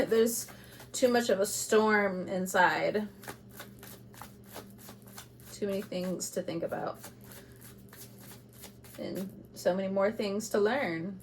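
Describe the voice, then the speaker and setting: A woman giving an intuitive tarot reading to camera, speaking bluntly and with passion, moving between loud urging and quiet asides, with laughs between points. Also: mid-range voice, slight background noise. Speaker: tarot reader.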